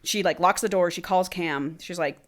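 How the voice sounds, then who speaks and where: Animated, low-voiced woman podcast host. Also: moderate pace. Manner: animated retelling, swearing freely. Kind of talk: casual chat, reading a book aloud.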